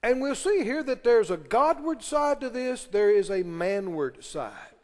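Man, pastor, high-pitched, emphatic sermon, questions to the congregation, long hall reverb. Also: very animated, measured pace.

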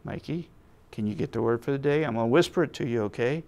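Kids' church leader, male, patient and coaxing, slightly gravelly voice. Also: medium pitch, quick pace, a little mellow. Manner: patient, coaxing, talks to a puppet. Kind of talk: puppet skit for children.

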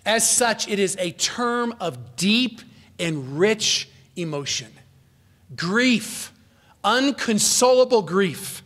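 In a fairly high, sing-song voice and at a slow pace, a male pastor gives an earnest expository sermon. He rises in pitch and volume for emphasis, then drops low and quiet, sometimes stopping to correct himself mid-sentence.

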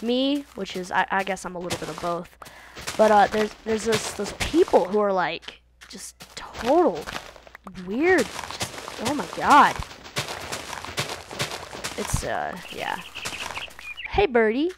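A teenage girl hosts a gaming video, chatting casually during a let's-play and jumping between topics in a silly, offhand way. Her medium-pitched voice is very animated but slow with long pauses, picked up on a computer mic set low amid noisy game sounds.

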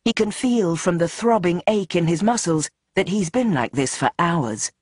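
An audiobook narrator reading in a tense, dramatic way, speeding up and slowing down with the action. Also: medium pitch, lively intonation, darkish tone, breathy edge, no room sound, clean studio sound. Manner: tense, dramatic, shifting pace. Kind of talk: scripted narration.

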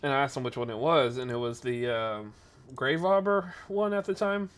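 A man hosting a podcast, telling a rambling story in a casual, animated way, correcting himself as he goes and acting out the people in it. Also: moderate pace, smooth. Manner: animated, acts out the people in his story with jumps in pitch and volume. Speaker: podcast host.

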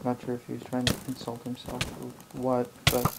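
A man's voice: medium pitch, completely flat delivery, brisk, very noisy. A man giving live gameplay commentary as a channel host, ranting in exasperated outbursts while annoyed.

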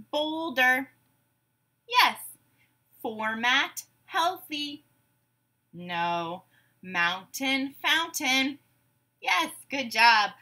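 A woman teacher leading a phonics drill for young students, saying each sound slowly and clearly and praising them often. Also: fairly high pitch, pushed and bright. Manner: slow, clearly enunciated drills with cheerful praise.

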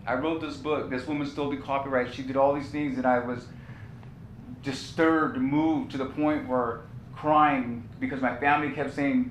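Man, pastor, impassioned sermon, repeats lines, roomy church echo, faint rumble. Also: steady tone, moderate pace. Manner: impassioned storytelling preaching with repeated phrases. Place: church sanctuary.

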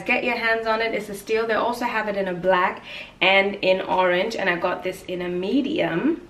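A woman's voice: mid-range voice, a bit bright, reverberant, recorded from a distance. A young woman vlogging a clothing haul, chatty and playful, with slang and jokey asides. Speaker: fashion vlogger. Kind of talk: casual haul vlog.

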